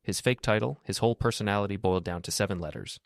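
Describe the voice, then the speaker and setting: A man narrating a first-person story in a calm, measured, cutting manner. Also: fairly low pitch, vocal fry, dry recording, studio quality.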